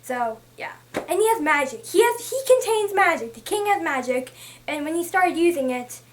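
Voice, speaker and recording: A young woman talking casually about a book she read, chatty and excitable, often restarting her sentences as she thinks aloud. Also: very high-pitched, normal speed. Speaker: book vlogger.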